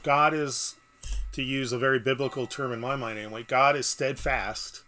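A man's voice: medium pitch, fairly even intonation, normal speed, bright, forceful tone, soft background music. A man explaining scripture in a casual bible study, knowledgeable and explanatory. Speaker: bible teacher.

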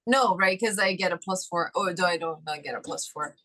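A woman's voice: lowish voice, brisk, bright, forceful tone, rough recording. A woman playing a tabletop game, talking in a hesitant, unsure way. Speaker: player.

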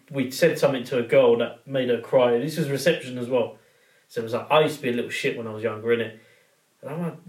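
A man on a podcast, telling a childhood story in a rambling way, full of slang. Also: mid-range voice. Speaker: podcast co-host. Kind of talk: casual chat. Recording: roomy sound from a distance.

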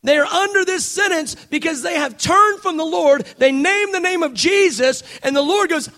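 High-voiced passionate male preacher. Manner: passionate, builds to shouting and slows for emphasis. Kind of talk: sermon.

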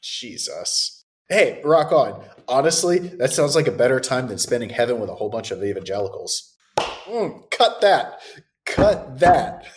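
Lively sarcastic podcast co-host. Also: mid-range voice, normal speed. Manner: animated, sarcastic, swears freely. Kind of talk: casual movie recap chat.

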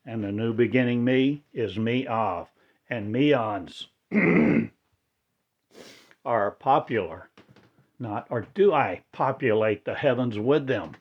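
A man delivering a rambling spiritual monologue in halting, oddly inverted phrasing. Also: medium pitch, lo-fi sound.

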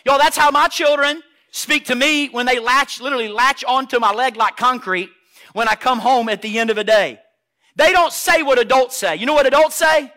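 Brief: male preacher, high bright voice, emphatic and repetitive delivery. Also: moderate pace. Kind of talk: sermon.

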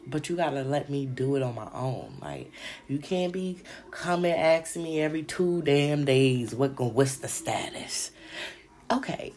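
A woman's voice: deep voice, darkish tone. A woman, a podcast host telling stories in a casual, slangy, profane way and acting out the people she quotes. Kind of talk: casual storytelling chat.

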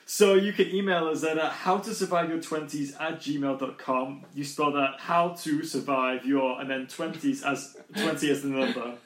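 A man's voice: on the high side, fairly even intonation, normal speed, few pauses, a bit bright. Upbeat young man, echoey room. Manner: chatty, jokey and upbeat. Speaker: podcast co-host. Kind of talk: casual podcast chat.

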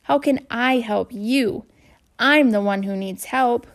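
A woman's voice: on the high side, slow pace. A woman voicing a nervous new schoolboy who talks earnestly and gets flustered, in a children's audiobook. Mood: shy. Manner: earnest, flustered, voice raised a little.

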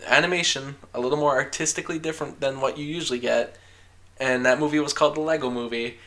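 A man with a bright, forceful voice in casual chat, hosting a show. He talks in an opinionated, rambling way, with frequent fillers and quick laughs. His pitch sits in the middle range. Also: steady tone. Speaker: podcast host discussing film awards.

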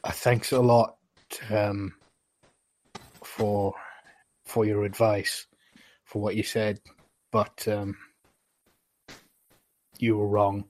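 Man voicing a timid young mage, halting and soft, low voice. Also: little pitch movement, poor audio. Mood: subdued. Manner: hesitant, halting. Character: timid young male mage, shy and grateful.

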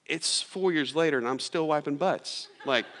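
Bright-voiced pastor in a reverberant hall. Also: male voice, a little high, moderate pace. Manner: casual, storytelling with lots of fillers. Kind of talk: sermon. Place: church sanctuary.

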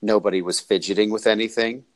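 A man's voice: lowish voice, steady tone, fast. A man hosting an interview, talking earnestly and effusively with many restarts. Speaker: host. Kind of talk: casual interview.

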